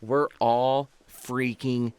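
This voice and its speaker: A man in his twenties, a podcast host, telling a story in an animated, slangy way and calling people bro. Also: mid-range voice, drawn-out words, smooth, dry recording. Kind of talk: casual storytelling.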